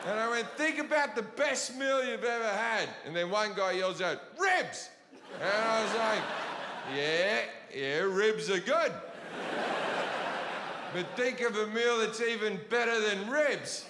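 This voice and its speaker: A man's voice: sits high, unhurried. A man doing a profane stand-up routine, telling blunt, ranting stories to a live audience. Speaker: stand-up comedian. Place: large venue before a laughing audience. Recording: live show in a reverberant hall with audience noise.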